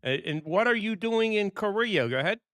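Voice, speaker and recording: A man's voice: high voice, animated, a bit bright, no room sound, clean studio sound. A man, a ham radio operator, calling and chatting with an upbeat, enthusiastic manner. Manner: upbeat, enthusiastic, brisk call signs. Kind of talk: radio calls and casual chat. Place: home room in New York.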